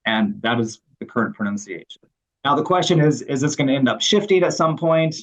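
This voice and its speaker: A man answering interview questions in a relaxed way, with fillers. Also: mid-range voice, fairly quick, rough recording. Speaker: interviewed expert.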